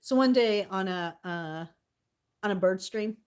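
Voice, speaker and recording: A woman's voice: mid-range voice, unhurried, smooth. Giggly woman chatting on a livestream. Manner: giggly, laughs often, reads out chat names. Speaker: live streamer. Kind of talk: casual livestream chat with viewers.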